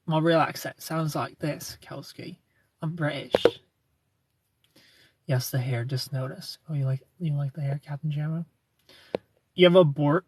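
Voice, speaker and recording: A man's voice: fairly high pitch, slight background noise. A man hosting a casual livestream, greeting viewers and answering their comments in a playful, teasing, flirty way.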